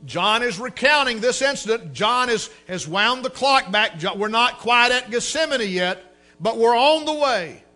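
Fervent preacher, very high bright voice. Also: male voice, expressive, measured pace. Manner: fervent, rising to shouts. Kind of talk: sermon.

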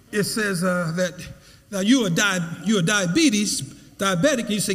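A man preaching a sermon, repeating phrases and building to loud emphasis. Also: sits high, moderate pace, in a large hall. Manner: preaching with repetition and rising emphasis.

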